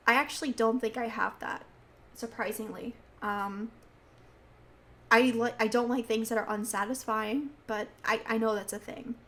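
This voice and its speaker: A woman's voice: on the high side, a bit bright. A teenage girl hosting a casual podcast, talking in a chatty, giggly way with many fillers as she tells stories. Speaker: podcast host. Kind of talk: casual rambling monologue.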